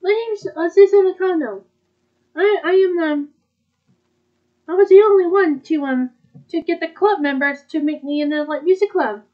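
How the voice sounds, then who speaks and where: A woman voicing a timid teenage girl in a fan dub of an anime, talking haltingly. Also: very high-pitched, dull audio. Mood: shy. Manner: hesitant, halting. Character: timid teenage girl, new club member.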